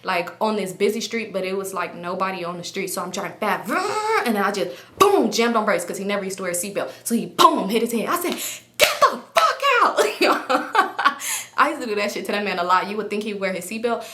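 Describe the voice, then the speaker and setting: A young woman in her twenties telling a personal story to her viewers, animated and full of profanity. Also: mid-range voice, fast talker, few pauses, reverberant. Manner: animated, profane, laughing often. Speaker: storytime vlogger. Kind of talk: casual storytelling.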